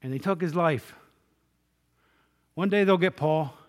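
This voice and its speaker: A man preaching a sermon to his congregation in a conversational way, asking the room rhetorical questions and swinging between loud and hushed delivery. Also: on the high side, unhurried. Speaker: pastor. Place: church sanctuary.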